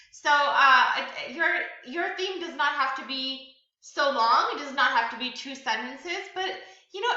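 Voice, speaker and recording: A woman's voice: high-pitched, bright, forceful tone. A woman teacher walking students through a class tutorial step by step, often adding "you know" and "okay". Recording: echoey room, dull lo-fi sound.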